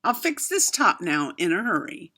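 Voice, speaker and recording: A woman's voice: fairly low pitch, very animated, moderate pace, pushed and bright, slightly rough, full character voice. A woman voicing a cheerful, motherly fox in a storybook, reassuring her little ones. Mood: soothing. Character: happy motherly fox wife.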